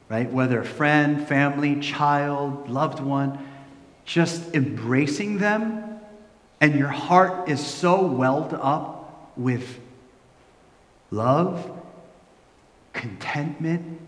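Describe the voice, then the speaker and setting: A middle-aged man delivers a sermon from the pulpit, acting out the voices in his stories. He drops to a quiet, hushed tone when he turns reflective. His voice rings through a large hall with a long, roomy reverb. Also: on the high side. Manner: animated storytelling, acting out quoted voices. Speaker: pastor.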